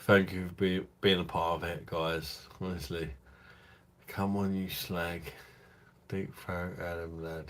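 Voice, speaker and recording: A man's voice: low-pitched, level tone, takes it slowly, a bit bright. A tipsy man hosting a late-night live stream, talking in crude, rambling, affectionate chat to his viewers.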